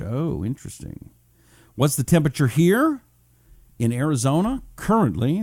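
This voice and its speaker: A man's voice: mid-range voice, sing-song, moderate pace, pauses often, warm tone, dry recording, clean studio sound. A man hosting a livestream talk show, reading viewer comments aloud with joking, mock-apologetic asides.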